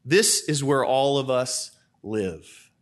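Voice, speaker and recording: A man's voice: mid-range voice, lively intonation, takes it slowly. A man, a priest, preaching a sermon in a church, asking rhetorical questions and repeating them for emphasis.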